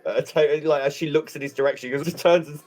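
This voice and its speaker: A man playing a tabletop game, describing his character's actions in an animated way. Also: on the high side, fast talker, soft background music. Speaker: player.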